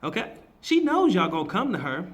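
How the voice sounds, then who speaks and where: Slangy, animated man in casual commentary. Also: sits high, a little fast. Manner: slangy, laughs often, emphatic and animated. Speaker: marketing teacher and vlogger.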